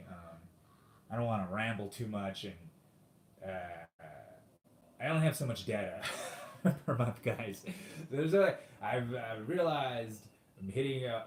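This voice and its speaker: A man's voice: fairly low pitch, darkish tone, a little hiss or hum. A man hosting his own podcast, talking solo in a rambling, sarcastic and profane way. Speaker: podcast host. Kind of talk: casual solo podcast monologue. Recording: roomy echoey home recording.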